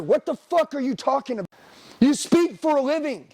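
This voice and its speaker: A man's voice: very high-pitched, lively intonation, moderate pace, a little mellow. A middle-aged man giving a blunt, profane motivational sales seminar talk, firing rhetorical questions at the room. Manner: profane, blunt, hard-driving. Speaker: sales trainer.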